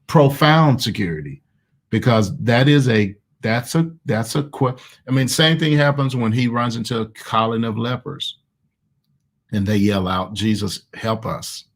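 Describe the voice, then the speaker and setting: A man's voice: medium pitch, moderate pace. A man with a Southern American accent, a pastor preaching conversationally over a video call and hammering key words through repetition. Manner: emphatic, repeats key words. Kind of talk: conversational online sermon.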